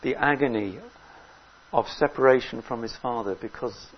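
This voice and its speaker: A man's voice: normal speed, a little hiss or hum. Earnest preacher man, dull recording. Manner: earnest, swells loud on key words then drops low. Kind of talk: sermon.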